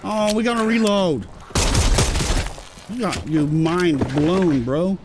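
An excitable British man commenting over a video game. His voice sits high and jumps all over the place. Steady noise runs under the recording. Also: slow. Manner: excitable, swears when surprised. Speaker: gameplay commentator. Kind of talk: let's-play commentary.

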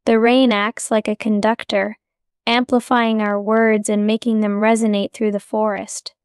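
A woman's voice: medium pitch, a little slow, clear, resonant tone, dry recording, clean studio sound, natural voice. A woman reading as an eager talking squirrel. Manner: excited, eager. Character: chatty male forest squirrel.

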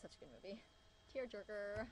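A woman's voice: mid-range voice, steady tone, a little mellow, slight background noise. A giggly teenage girl, an actress, chatting casually in an interview. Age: late teens. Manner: giggly, chatty, quick to laugh.

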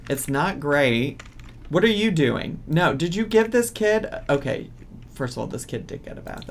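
Gravelly exasperated man ranting over gameplay. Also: fairly high pitch, expressive, unhurried, slight background noise. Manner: exasperated, ranting at game characters. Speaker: gaming streamer. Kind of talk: casual gameplay commentary.

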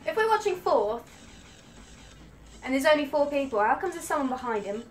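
A woman gamer giving live commentary on her own play, excitable and swearing at rival players. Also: sits high, normal speed, faint music behind.

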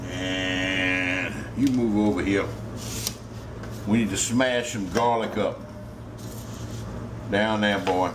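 A man's voice: low-pitched, fairly even intonation, takes it slowly, long pauses, background noise. A man with a Louisiana Cajun accent hosting a home cooking video, folksy and joking, swearing freely as he works. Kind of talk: casual cooking demonstration.

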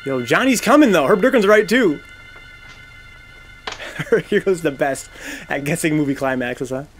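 Excitable man reacting to a movie. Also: fairly high pitch, moderate pace, faint music behind. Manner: excitable, swearing, slangy, calls out at the screen.

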